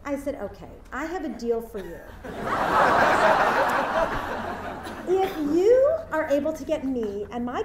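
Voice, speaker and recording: A woman's voice: sits high, noisy background. A woman giving a graduation speech, telling a story and acting out the voices of its people. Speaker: commencement speaker. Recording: echoey hall from far off.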